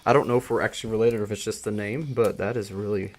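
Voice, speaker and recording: A man hosting a live reading, excitable and chatty, often breaking into giggles between narrating. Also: fairly low pitch, fast. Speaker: host reading a story aloud. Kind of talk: live casual reading with chat.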